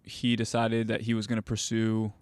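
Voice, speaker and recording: A man's voice: on the low side, monotone, moderate pace, darkish tone, smooth, no echo. A young man, a goalkeeper coach and host, telling stories casually with many fillers and restarts. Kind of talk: casual conversational storytelling.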